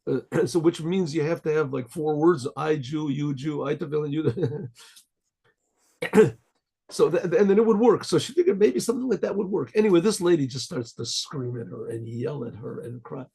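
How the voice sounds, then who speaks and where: Husky man telling a rambling story. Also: a little high, brisk, warm tone. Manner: rambling, chatty, with chuckles. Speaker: rabbi.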